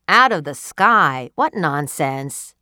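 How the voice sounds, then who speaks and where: A woman's voice: deep voice, very animated, slow pace, pushed and bright, no room sound, clean studio sound, exaggerated voice. A woman voicing a curt, mocking alien husband in a read-aloud story. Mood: scornful. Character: cold scornful alien husband, adult man.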